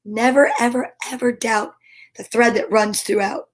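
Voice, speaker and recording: A woman reading a children's storybook aloud in a gentle, expressive way, adding chatty asides between pages. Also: a little high, moderate pace, slight background noise.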